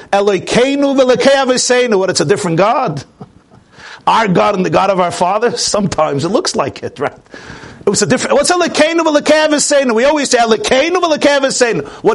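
A man with a high voice lectures a Torah class to a live audience. He talks emphatically, building long lists of repeated words. Hebrew and Yiddish terms run through his English. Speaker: rabbi teaching a class.

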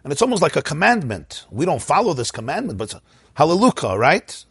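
A man's voice: on the high side, sing-song, quick pace, creaky, fairly bright tone, husky, dry recording. A man teaching an informal Torah class, telling stories, asking his listeners questions and chanting Hebrew verses.

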